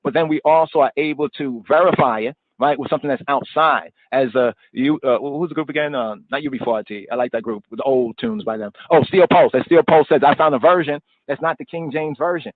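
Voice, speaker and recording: A man's voice: medium pitch, a little fast, hardly any pauses, dry recording. A man from the United States teaching scripture on a live stream, looping and repeating himself and mixing street slang into the lesson. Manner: loose and digressive, repeating words and phrases; informal street slang mixed with scripture talk. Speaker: Bible study teacher. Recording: dry, tinny phone-like line.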